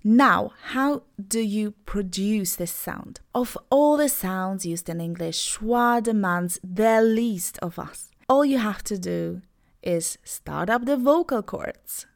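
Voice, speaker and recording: A young woman whose first language is Polish, teaching English pronunciation on a podcast in an upbeat, clear voice and sounding out words slowly and carefully. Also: mid-range voice. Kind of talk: podcast lesson.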